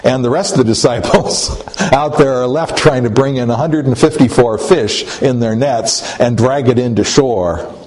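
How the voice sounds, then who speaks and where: A man's voice: mid-range voice, normal speed, hardly any pauses, darkish tone, poor audio. A man preaching a sermon and retelling a story in a folksy, conversational way, with hesitant fillers.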